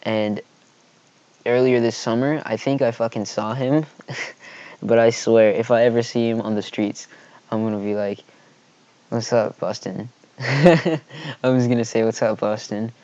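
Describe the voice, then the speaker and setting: A man in a storytime vlog, his voice sitting at an ordinary middle pitch. He rambles heatedly and swears constantly. The recording sounds a little dull and muffled. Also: measured pace, long pauses, darkish tone, dry recording. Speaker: vlogger.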